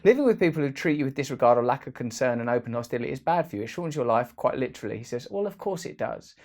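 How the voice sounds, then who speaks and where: A man's voice: mid-range voice, very animated, very fast, a little mellow. A man hosting a casual, rambling vlog, full of playful jokey asides. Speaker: host.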